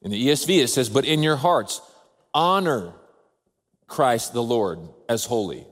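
A man, a father of a toddler, preaching a sermon in an earnest, measured way with slow, emphatic pauses. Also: medium pitch, very animated. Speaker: pastor. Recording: long reverb of a large hall.

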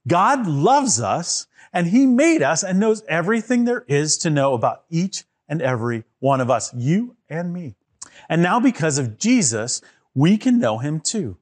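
Lively high-voiced man telling kids a Bible story. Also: unhurried. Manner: animated, asks kids to join in with actions. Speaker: children's Bible teacher.

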